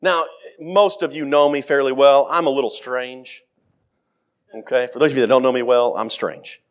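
A middle-aged man preaching a sermon, acting out scripture quotes with dramatic swings in pitch and loudness. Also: fairly even intonation, moderate pace.

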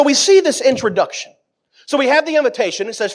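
A middle-aged man preaching a sermon, acting out scripture quotes with dramatic swings in pitch and loudness. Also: expressive, fast.

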